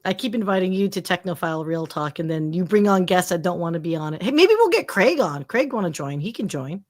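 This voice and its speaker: A woman's voice: on the low side, animated, quick pace. A woman guest on a casual live stream, chatting playfully about tech and movies. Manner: playful, chatty, laughs easily. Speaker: guest, tech show host.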